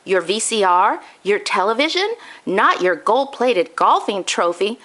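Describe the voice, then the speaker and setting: A woman's voice: mid-range voice, big pitch swings, a little slow, fairly bright tone. A woman reading a worried, practical mom.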